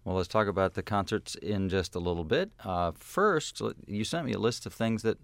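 A man's voice: fairly low pitch, animated, moderate pace, vocal fry, no echo. A man hosting a casual radio interview, asking friendly, chatty questions. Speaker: radio host.

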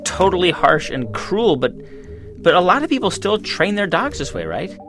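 A man's voice: high voice, big pitch swings, normal speed, a bit bright, soft background music. A man hosting a radio show, asking questions in a conversational, curious way. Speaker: radio host.

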